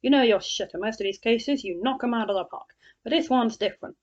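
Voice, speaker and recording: A woman's voice: a little high, fairly quick, darkish tone, muffled recording, lightly acted. A woman reading as a blunt male deputy. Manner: confident, blunt.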